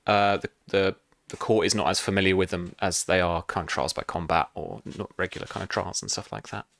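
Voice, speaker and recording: A man narrating as game master for a tabletop game, pausing often with fillers. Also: sits low, fairly even intonation, gravelly, fairly bright tone. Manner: hesitant, many fillers.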